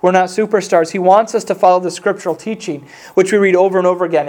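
A man's voice: sits high, steady tone, fast talker, a little mellow. A man preaching a sermon in an earnest, conversational way, reading scripture aloud with emphasis. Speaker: pastor.

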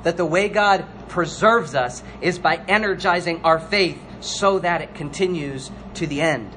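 A pastor preaching a sermon, swinging between hushed, slow lines and forceful, emphatic ones. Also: male voice, on the high side, a little hiss or hum.

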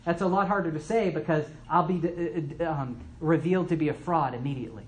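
Speaking quickly in a slightly rough voice on the high side, a man preaches in church and walks through a Bible passage. He talks conversationally, asks the audience questions, adds asides, and performs the lines of those he quotes.

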